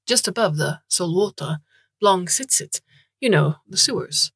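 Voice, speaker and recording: A cheerful, rotund little man with a breezy way of talking, put on by a woman reading aloud. The voice is husky and dry, pitched up a touch from her own. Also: expressive, measured pace, a bit bright, no room sound, exaggerated voice. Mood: chatty. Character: small rotund cheerful man, a canal digger. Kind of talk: audiobook reading.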